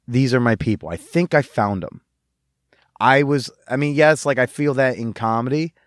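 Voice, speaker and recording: A man hosting his podcast, answering listener mail in an earnest, heartfelt voice and swearing casually along the way. His pitch is mid-range for a man, and the close microphone gives a dry, intimate sound. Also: no echo. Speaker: podcast host. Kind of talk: reading listener mail and responding.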